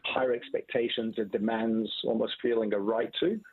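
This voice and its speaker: Male guest expert, measured explainer, husky tone, phone-line audio. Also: fairly low pitch, fairly even intonation. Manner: measured, explanatory, fond of "subtle" and "right?". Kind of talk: radio phone interview.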